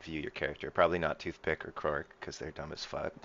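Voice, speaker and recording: Deep slow game master guy, kinda bright voice, muffled lo-fi audio. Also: gravelly. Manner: relaxed, halting, with frequent fillers. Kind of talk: narrating a tabletop game.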